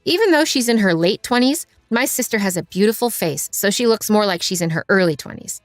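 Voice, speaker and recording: A woman giving an even, storytelling narration of a first-person story. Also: mid-range voice, brisk, no room sound. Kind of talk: scripted narration. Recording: dry voice over faint music.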